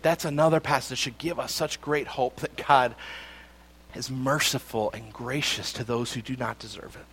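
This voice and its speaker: A man preaching a sermon as pastor, animated and joking, acting out little quotes as he goes. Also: mid-range voice, normal speed, gravelly, breathy edge. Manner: animated, jokey, acts out quotes.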